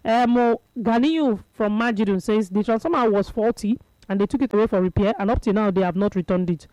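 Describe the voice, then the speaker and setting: A man's voice: high-pitched, a little fast, darkish tone, no room sound, poor audio. A man with a Nigerian Pidgin accent hosting a call-in radio talk show, chatting and reading out listeners' texts. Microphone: studio microphone.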